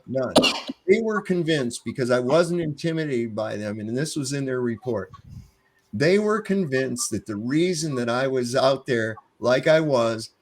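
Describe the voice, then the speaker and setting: A man's voice: medium pitch, lively intonation, a little slow, a little mellow. A middle-aged man telling a story in casual conversation, swearing freely and acting out both sides of a confrontation in a defiant tone. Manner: profane, defiant, acts out both sides of the exchanges.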